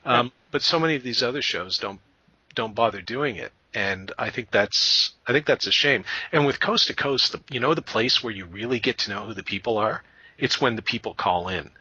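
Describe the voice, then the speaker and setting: A man from Canada hosting a podcast, telling rambling, animated stories in a casual chat. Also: medium pitch, normal speed, husky, no echo, lo-fi sound. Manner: rambling, animated storyteller who breaks into funny voices. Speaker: podcast host.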